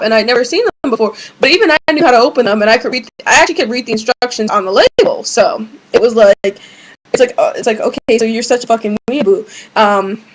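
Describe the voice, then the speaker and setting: A woman's voice: a little high, low-quality recording. Rambling young woman ranting to a webcam. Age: young adult. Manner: rambling, many fillers and restarts. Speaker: vlogger. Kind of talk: casual webcam rant. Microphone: webcam mic.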